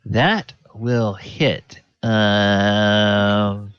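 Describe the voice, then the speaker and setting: Slow, very deep-voiced game master. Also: male voice, fairly even intonation, fairly bright tone, smooth, dry recording, highs cut off. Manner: hesitant, many fillers and restarts. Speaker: dungeon master. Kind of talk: running a tabletop game, casual.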